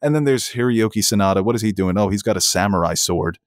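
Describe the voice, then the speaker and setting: An excitable man rattles through his favorite films in casual podcast chat, laughing and swearing as he goes. His voice sits low, and the sound is dry and close with no room echo. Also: fast talker. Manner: enthusiastic, laughs while talking. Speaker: podcast co-host. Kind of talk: casual film discussion.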